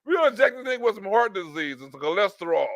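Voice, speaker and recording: Man doing scheming plotters, mocking, coarse slang, high bright voice. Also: very animated, very fast, no echo, muffled recording, exaggerated voice. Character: scheming men plotting to poison a patient.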